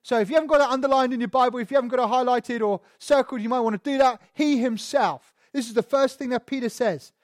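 A man's voice: extremely high pitch, steady tone, very fast, few pauses, no echo, clean studio sound. Man preaching with stressed words. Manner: explanatory, rhetorical questions, stresses single words. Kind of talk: sermon. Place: church sanctuary.

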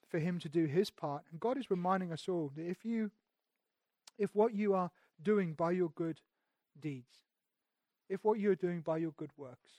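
A man preaching a sermon, swinging from loud emphasis to hushed, intimate tones and often restarting his phrases. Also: high voice, dry recording. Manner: repeats words and restarts phrases. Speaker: pastor.

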